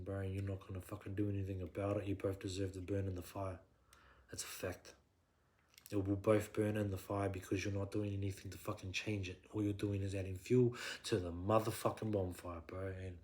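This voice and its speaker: A man, a podcast guest, ranting in blunt, profane, emphatic conversation that swings up into shouting. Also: low voice. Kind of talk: heated conversational rant.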